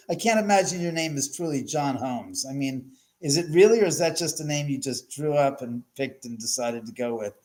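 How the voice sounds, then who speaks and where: A middle-aged man hosts a casual livestream, rambling and chatting as he responds to viewer comments, laughing often and restarting his sentences. His voice is medium in pitch and a little mellow.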